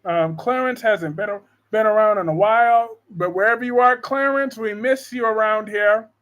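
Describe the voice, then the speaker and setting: A man's voice: high-pitched, normal speed, fairly bright tone. A man hosting a casual live stream from home, joking and reading viewer comments aloud. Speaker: live-stream host discussing soap operas.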